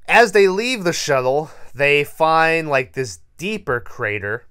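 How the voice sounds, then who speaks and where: A man's voice: fairly high pitch, big pitch swings, a little slow, hardly any pauses, fairly bright tone, clear, resonant tone. A man co-hosting a podcast, recapping a horror movie in a rambling, profane, laughing way. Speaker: podcast co-host.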